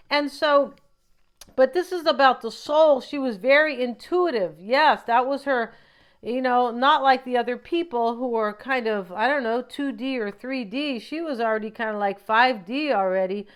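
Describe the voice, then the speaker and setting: Woman doing a casual tarot reading, rambling chatty asides, keeps saying right?, smooth clear voice. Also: on the high side, normal speed. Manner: chatty, often ends thoughts with a questioning "right?". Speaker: tarot reader.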